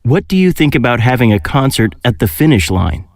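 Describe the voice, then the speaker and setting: A man's voice: mid-range voice, very animated, brisk, dry recording. A man reading an upbeat young man planning a charity event in a scripted textbook dialogue. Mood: eager. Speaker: textbook audio dialogue speaker.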